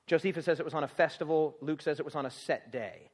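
A man preaching a sermon, lively and jokey, acting out scenes and laughing often. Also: fairly high pitch, fast, hardly any pauses.

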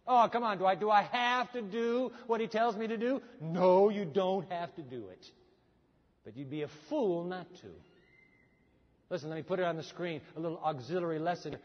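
A man preaching a sermon as pastor, telling a story with animated voices for the people in it. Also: sits high. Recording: dull sound with long hall reverb.

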